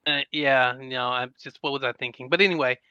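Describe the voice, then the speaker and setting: An easygoing man co-hosts a casual podcast. His voice is very bright and smooth, and the sound is dry and close. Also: mid-range voice, fairly quick, dry recording, dull audio. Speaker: podcast co-host.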